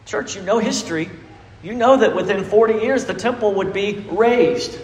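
A man's voice: high voice, normal speed. A man preaching a sermon, emphatic and full of questions to the congregation. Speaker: pastor. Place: church sanctuary. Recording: echoey reverberant church hall.

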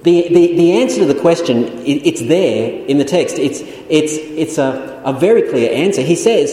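A man's voice: on the high side, animated, normal speed, few pauses, dark tone. An Australian man preaching a sermon as pastor, earnest and questioning, often repeating his key phrases. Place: church hall. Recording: echoey hall with long reverb.

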